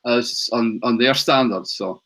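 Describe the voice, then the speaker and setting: A Scottish man speaking as a guest on a casual livestream, relaxed and laughing often, heard over a video call. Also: medium pitch, measured pace. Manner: easygoing, laughs often, explains things.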